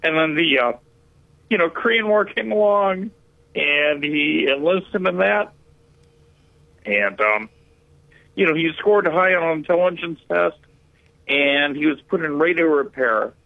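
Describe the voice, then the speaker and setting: A man calling in to a radio show, talking in a hesitant, halting, emotional way. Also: fairly high pitch, vocal fry, no echo. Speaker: caller. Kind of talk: phone-in call. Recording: tinny dry phone line.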